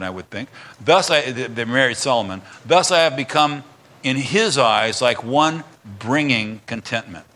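A man's voice: medium pitch, a bit bright. A male pastor preaching a conversational sermon, reading verses and breaking into acted quotes.

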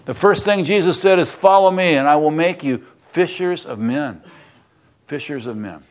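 A male pastor preaching a sermon, telling Bible stories with lively acted-out lines and closing in earnest prayer. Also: a little high, normal speed. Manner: animated storytelling, acting out voices, then quiet earnest prayer.

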